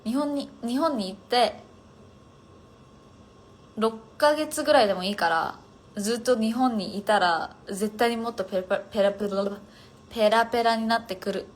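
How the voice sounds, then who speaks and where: A woman's voice: a little high, fast talker. Rambling young woman on a phone livestream. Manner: rambling, filler-heavy, often trailing off quietly. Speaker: livestreamer chatting with viewers. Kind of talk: casual chat.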